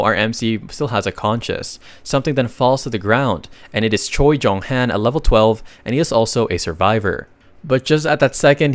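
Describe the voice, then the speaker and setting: A man's voice: medium pitch, dry recording. A man narrating a comic recap in a casual, chatty way, reading out the dialogue and adding joking asides to viewers.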